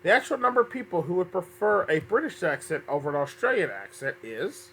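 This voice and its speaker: A man's voice: high-pitched, big pitch swings, a little fast, hardly any pauses, background noise. A man hosting a fan-made game show, upbeat but often stumbling and correcting himself, a little under the weather.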